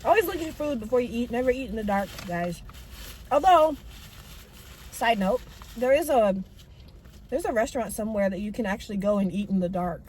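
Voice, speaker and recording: A woman's voice: a little high, animated, brisk, pauses often, a little mellow, a little hiss or hum. A young woman rambling in a casual, self-mocking vlog while she eats, talking with her mouth full, in a parked car. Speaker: vlogger.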